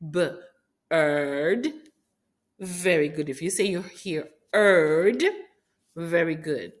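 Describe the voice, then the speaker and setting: Speaking low and slowly, a woman from Haiti guides young kids through rhymes in a phonics lesson. Her delivery is upbeat and sing-song, like a patient, encouraging teacher.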